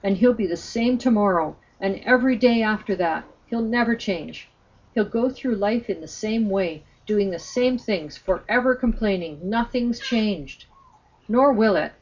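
A woman's voice: medium pitch, unhurried, darkish tone, highs cut off, close to an everyday voice. Woman reading as a defiant frustrated man. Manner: insistent, defiant.

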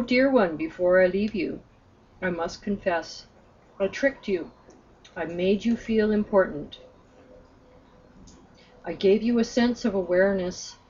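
A woman reading the part of a dying old man who softly pleads for forgiveness, on a slightly muffled recording. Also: mid-range voice, close to an everyday voice. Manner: soft, pleading confession.

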